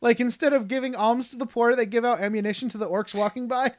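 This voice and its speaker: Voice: mid-range voice, steady tone, fast. A podcast co-host chatting enthusiastically about a book, rambling with frequent restarts and laughs. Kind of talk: casual chat.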